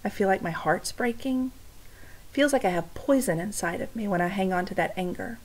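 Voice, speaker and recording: A woman's voice: medium pitch, animated, normal speed, rough recording. A woman reading a storybook aloud to young listeners, stopping to speak to them directly. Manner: warm direct address to listeners.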